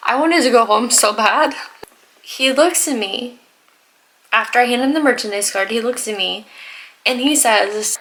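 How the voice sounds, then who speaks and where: A young woman vlogger telling exasperated, animated stories about customers at work in a casual storytime while doing her makeup. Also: a little high, measured pace, long pauses, poor audio. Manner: exasperated, animated retelling with laughs and sighs. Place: home, getting ready in front of the camera.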